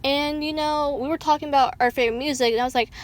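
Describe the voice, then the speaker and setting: A woman telling a casual storytime vlog, animated and swearing freely, leaping up in pitch when she quotes people. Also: quick pace. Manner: dramatic pitch jumps when quoting people. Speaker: vlogger.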